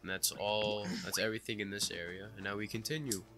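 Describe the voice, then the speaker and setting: A young man playing the game and chatting in a relaxed way, laughing often and throwing in jokes. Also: fairly low pitch, quick pace. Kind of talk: casual chat while gaming. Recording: game music playing faintly behind.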